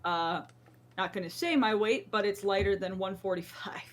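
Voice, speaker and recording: A woman's voice: mid-range voice, normal speed. A woman hosting a podcast in casual chat, a jokey, self-deprecating storyteller. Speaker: podcast host.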